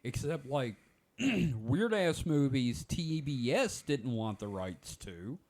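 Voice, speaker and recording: A man's voice: mid-range voice, sing-song, takes it slowly, a little mellow. A man in his forties hosting a podcast, telling rambling stories in casual chat. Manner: rambling storyteller, many "like" fillers. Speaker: podcast host.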